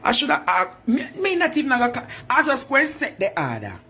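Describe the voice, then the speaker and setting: A woman's voice: a little high, wildly swooping pitch, quick pace, sharp tone, breathy edge. A Jamaican woman in a taunting, preacher-like monologue, repeating her phrases for effect. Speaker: vlogger. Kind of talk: confrontational monologue.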